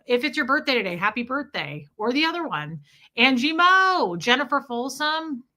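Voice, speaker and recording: A woman's voice: sits high, very animated, normal speed, pushed and bright. A woman hosting a casual livestream, greeting viewers by name one after another. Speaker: livestream host.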